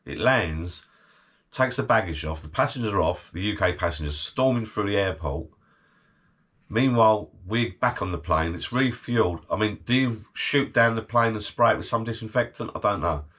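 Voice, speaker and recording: A man's voice: lowish voice, expressive, normal speed, fairly bright tone. A middle-aged man recovering from illness, chatting casually to his channel from his garden bar shed, rambling and laughing often. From United Kingdom. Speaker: channel host. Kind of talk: casual vlog chat.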